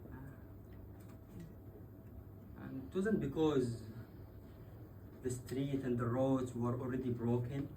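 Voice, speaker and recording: A man from Yemen takes his time on stage, speaking at medium pitch with long pauses as he retells a personal story. He swears and laughs in an animated way. His voice sounds distant, and background noise is clear.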